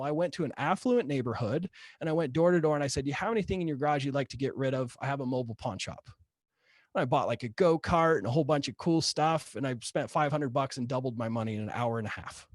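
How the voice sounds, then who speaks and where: A man guest telling a casual story, lively, peppering his talk with "right?" and "like". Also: on the high side, no room sound, clean studio sound. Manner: animated, rising to excitement; many fillers like "right?" and "like".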